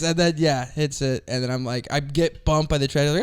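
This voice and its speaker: A male comedian telling a story on a podcast in a casual, animated way, swearing often and laughing through his words. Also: a little high, a little fast, hardly any pauses, clear, resonant tone. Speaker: comedian guest.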